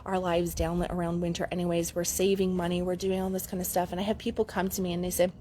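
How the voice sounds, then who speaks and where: A woman's voice: lowish voice, flat delivery, fast talker, mellow, slight background noise. A middle-aged woman, a relationship coach, telling a candid story to her camera in a chatty vlog, laughing easily. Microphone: camera mic.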